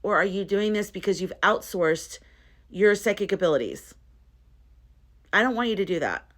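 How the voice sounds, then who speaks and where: A woman's voice: medium pitch, very animated, moderate pace, a bit bright. A woman talking to camera in a casual vlog, earnest and rambling, often interrupting herself. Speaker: spiritual content creator.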